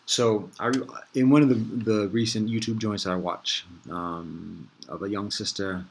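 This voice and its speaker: A man's voice: on the low side, fairly even intonation, unhurried, husky. A man hosting a casual reflective monologue, thinking aloud in a meandering, easygoing way with frequent restarts and conversational slang. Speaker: host.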